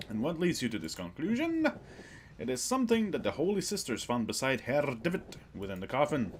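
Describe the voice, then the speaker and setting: A formal, measured male doctor from a Victorian horror game, laying out grim facts, read by a man. His pitch moves in a lively way, and faint background noise sits under him. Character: older male doctor bringing grim news.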